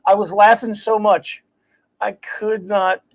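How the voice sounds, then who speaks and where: A man hosting a casual talk show, telling stories in an animated, ranting way and laughing as he goes. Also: high-pitched, slow. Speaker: podcast host. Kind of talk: casual chat.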